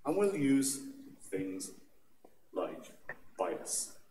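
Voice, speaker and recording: A man's voice: sits low, wildly swooping pitch, extremely slow, dark tone. A man with an Irish accent delivers a joking, conversational conference talk. His voice carries through an echoey hall from some distance off, over a faint room hum. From Ireland. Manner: jokey and conversational, with frequent "right?" asides. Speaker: conference speaker. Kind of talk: humorous security talk. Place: large conference atrium.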